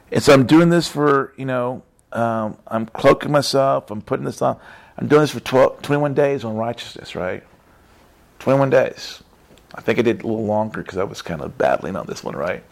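A man sharing a Christian testimony in a casual, talky way. He repeats his phrases emphatically and keeps checking in with his listener. His pitch sits mid-range for a man. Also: gravelly. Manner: repetitive, emphatic, frequent "right?" tags. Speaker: Christian speaker.

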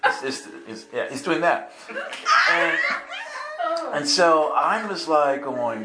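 A man's voice: medium pitch, takes it slowly. A man preaching in a storytelling way, acting out the dialogue and laughing through the story, recorded in an echoey room. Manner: animated, acts out voices and laughs through the story. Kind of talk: storytelling sermon. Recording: echoey room with music underneath. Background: soft instrumental music.

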